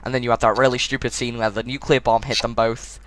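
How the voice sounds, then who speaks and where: A man's voice: mid-range voice, level tone, fast talker, fairly bright tone. A man reviewing a film in casual chat. He is blunt and mocking, and he steers the discussion.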